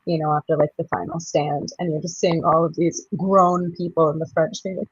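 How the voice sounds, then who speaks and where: Brief: low, husky-voiced actress in her 30s, bubbly raconteur, dry lo-fi sound. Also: a little fast, dry recording. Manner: bubbly, laughs often, lively storytelling. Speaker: touring musical theatre actress, guest. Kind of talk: casual interview chat.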